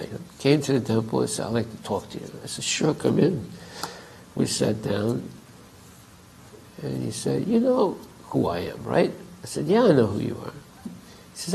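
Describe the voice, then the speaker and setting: A man's voice: mid-range voice, gravelly, dark tone, husky, low-quality recording. A man giving a class at a temple, telling a story conversationally and acting out both sides of a dialogue. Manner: conversational, acts out quoted dialogue. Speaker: temple speaker.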